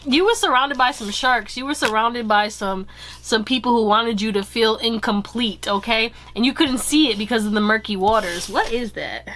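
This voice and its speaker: A woman's voice: a little high, moderate pace, a bit bright, a little hiss or hum. A woman giving a casual pick-a-card tarot reading, chatty and blunt, swearing freely and giggling.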